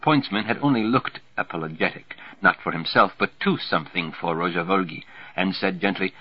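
A man with a low, husky voice reads a novel aloud in a wry, steady way. The recording is dull and lo-fi with a dry, close sound. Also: fairly quick, no room sound. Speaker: audiobook narrator.

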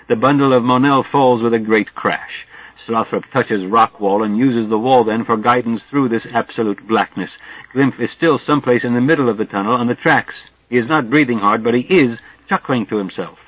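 A man reads a novel aloud in a steady, wry audiobook style, settling into the scene. His voice sits at an ordinary pitch. The recording is dry, with a dull, muffled top end. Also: dry recording. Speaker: audiobook narrator. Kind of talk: literary audiobook narration. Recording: dull dry studio sound.

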